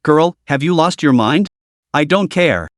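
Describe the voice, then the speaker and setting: A man's voice: a little high, expressive, unhurried, dry recording, studio quality. A man voicing a young woman who is tearful and pleading, reading her in a storybook recap. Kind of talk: storybook narration.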